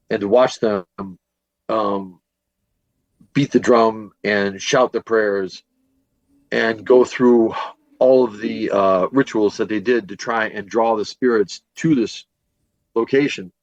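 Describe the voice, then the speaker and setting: On a podcast, a paranormal investigator and teacher from Northwest Indiana, with a voice on the low side, rambles through a long ghost-hunting story, full of fillers and restarts. He's a bit worn from his teaching day. The sound is lo-fi with no room sound.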